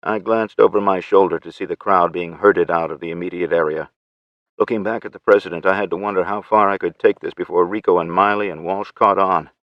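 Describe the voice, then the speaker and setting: A man narrating an audiobook in first person with measured, steady storytelling. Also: deep voice, no echo, highs cut off.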